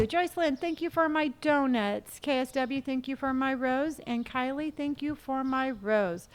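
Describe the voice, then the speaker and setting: A woman's voice: sits high, a little slow, clean tone. A woman hosting a live gaming stream in casual chat, effusively thanking viewers one by one with a playful, sing-song manner.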